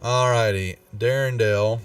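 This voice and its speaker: A man narrating as game master in a live-streamed tabletop game, halting and restarting as he checks the rules. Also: medium pitch, steady tone, far from the mic, faint music behind. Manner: halting, with many restarts and fillers.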